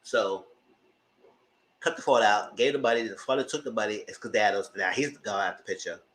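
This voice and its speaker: A TV show reviewer giving a casual recap, animated and laughing, acting out the characters in squealing high voices. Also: fairly quick, a little hiss or hum. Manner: laughs through the story.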